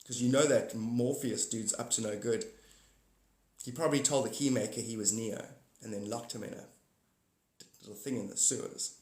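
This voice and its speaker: A man with a steady, darkish, medium-pitched voice hosts a livestream at a moderate pace, rambling casually, hopping between topics, laughing a lot, and greeting viewers by name. The room sounds echoey.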